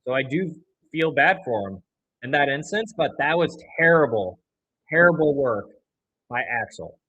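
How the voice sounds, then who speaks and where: Over dull-sounding audio, a young livestream host gives partisan play-by-play for fans in a mid-range voice. Flat narration quickly flips into loud complaints aimed at the officials.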